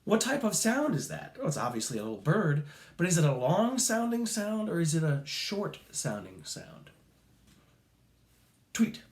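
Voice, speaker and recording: A man teaching a recorded music lesson to children, slow, patient and encouraging, sometimes making playful animal sounds. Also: fairly high pitch, huge pitch swings, echoey room.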